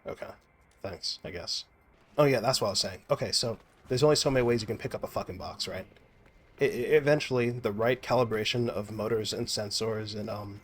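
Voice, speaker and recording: A young man, a gaming streamer, rambles and swears his way through commentary as he plays. His voice sits fairly low, with a little hiss or hum on the recording, and he keeps restarting his sentences.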